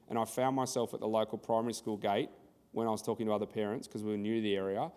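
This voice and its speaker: A man's voice: on the low side, little pitch movement, rapid-fire, a little mellow, clean tone, in a large hall. An Australian man presenting a conference workshop in a conversational style, telling anecdotes and acting out the dialogue.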